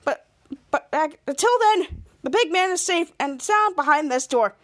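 A woman's voice: high voice, expressive, measured pace, a bit bright. A woman voicing a flustered male superhero captain who blurts things out defensively. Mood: reassuring.

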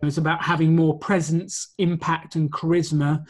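Man, slightly high voice, husky, confident, explains step by step, interview guest. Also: flat delivery, moderate pace. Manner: explanatory, confident, lists points. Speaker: guest, presentation coach. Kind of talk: conversational interview.

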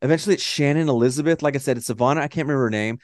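A man from Texas with a Texan accent, co-hosting a casual movie-review podcast and ranting in a profane, animated way. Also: mid-range voice, very fast, no room sound, clean studio sound. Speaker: podcast co-host.

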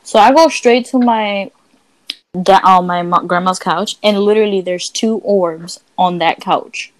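A woman's voice: mid-range voice, unhurried, no room sound, rough recording. Brash, profane young woman telling stories. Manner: brash and profane, animated quoting voices. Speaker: podcast co-host. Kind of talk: casual storytelling chat.

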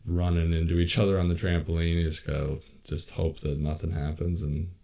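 A man in his thirties co-hosting a podcast, chatting casually and telling stories in an animated, joking way. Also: deep voice, fairly quick, creaky. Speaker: podcast co-host. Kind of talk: casual chat.

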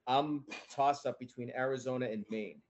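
A man's voice: mid-range voice, fairly even intonation, normal speed. A man co-hosting a casual comedy podcast, teasing and bantering with friends. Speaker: podcast co-host.

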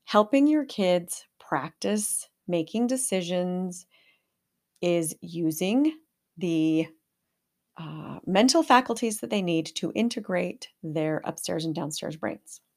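An older woman hosting a parenting podcast, speaking calmly in a coaching tone. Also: on the low side, slow pace. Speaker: podcast host.

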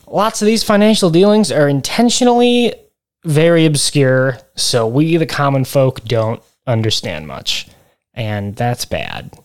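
A man's voice: medium pitch, sing-song, measured pace. A man co-hosting a podcast in casual chat, rambling and wry as he explains things. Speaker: podcast co-host.

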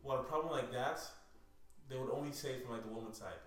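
A man's voice: mid-range voice, quick pace. A young man in casual chat, joking and giving opinionated asides. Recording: echoey room, distant mic, faint noise.

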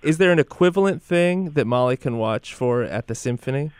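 A man's voice: mid-range voice, expressive, brisk, darkish tone, clean tone, no echo. A man hosting a radio talk show, playful and teasing with his guests. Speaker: radio host. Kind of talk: casual radio chat.

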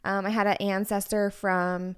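A woman in her thirties co-hosts a podcast, chatting candidly about personal things and saying "like" a lot. She has a smooth, mid-range voice with a level tone and a moderate pace.

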